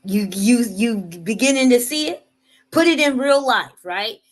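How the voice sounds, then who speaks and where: A woman's voice: on the high side, expressive, unhurried, low-quality recording. A woman giving an earnest motivational talk, repeating her points and often checking in with "right?". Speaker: motivational speaker.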